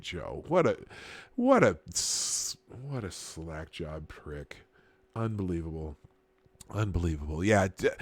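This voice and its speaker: A man's voice: on the low side, a bit bright, no echo. A man from Minnesota, hosting a live stream, reading chat and news with chuckles and sarcastic asides. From Minnesota, USA. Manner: chuckling, sarcastic asides, frequent filler restarts.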